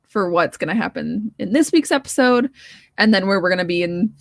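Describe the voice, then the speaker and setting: A woman co-hosting a podcast in casual chat, excitable and quick to laugh. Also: medium pitch, no room sound, clean studio sound. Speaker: podcast co-host.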